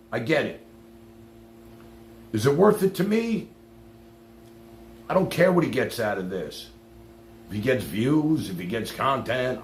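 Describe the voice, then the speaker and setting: Man, streamer ranting to chat, lively pitch, echoey room with faint hum. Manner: fired-up, profane, swings loud then drops low. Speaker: live streamer. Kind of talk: ranting live stream monologue.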